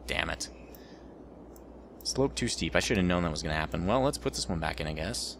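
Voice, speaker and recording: A man's voice: low-pitched, animated, a little fast, gravelly, pauses often, a little hiss or hum. A man rambling through let's play commentary as the host of a gaming channel, joking about his own mistakes.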